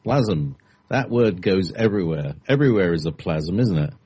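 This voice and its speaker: A man's voice: low voice, expressive, fairly quick, warm tone, husky. A man co-hosting a talk show, talking in a meandering, hesitant way with plenty of fillers. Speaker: co-host. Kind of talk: casual chat.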